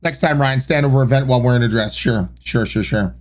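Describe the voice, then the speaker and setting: A man's voice: mid-range voice, quick pace. A man streaming live, chatting casually and mocking his own corny jokes. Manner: wry, self-mocking, sighs and laughs.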